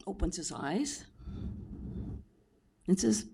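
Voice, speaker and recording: A man hosting a town hall, slowly telling a joke to the audience. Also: on the high side, animated, gravelly, warm tone, slightly rough. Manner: slow, drawn-out storytelling.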